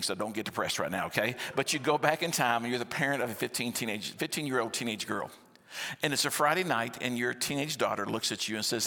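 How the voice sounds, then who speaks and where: A man, preaching a sermon in a lively, conversational storytelling style with rhetorical questions, in a church sanctuary. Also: medium pitch, vocal fry. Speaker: pastor. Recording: long church-hall reverb.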